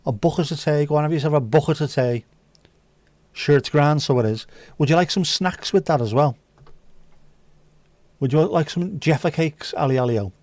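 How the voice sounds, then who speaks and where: A man's voice: a little high, a little fast, a little mellow, no room sound. A man hosting a casual livestream, bantering cheekily with viewers and swearing freely. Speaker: livestream host serving virtual drinks. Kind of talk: casual chat.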